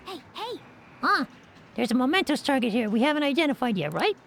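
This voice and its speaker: A woman voicing a brisk, sharp young female sidekick in a video game, matter-of-fact in tone. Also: high-pitched, very animated, soft background music.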